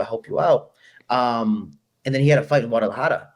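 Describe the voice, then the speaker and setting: A young man from Chicago talks casually as an interview guest. His voice sits at a middle pitch, and he tells stories quickly and with animation, slipping into the voices of the people he quotes. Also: a little mellow. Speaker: guest fighter.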